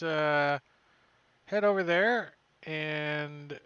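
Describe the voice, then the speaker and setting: A man running a tabletop game as game master, narrating in a relaxed, joking way with many fillers. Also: on the high side, drawn-out words, smooth, dry recording, highs cut off.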